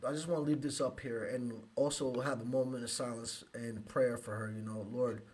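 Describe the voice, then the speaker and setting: A man's voice: medium pitch, fairly even intonation, a little mellow. Us guy hosting a live podcast, choked up, sighing, keeps restarting. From United States. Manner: emotional, halting, frequent restarts and sighs. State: emotional, close to tears. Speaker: podcast host.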